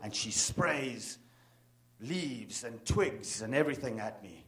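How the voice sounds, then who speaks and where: A man's voice: mid-range voice, animated, slow, fairly bright tone. A man giving a live talk as a bird guide and author, telling a dramatic story with bursts of emphasis. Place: talk in front of an audience.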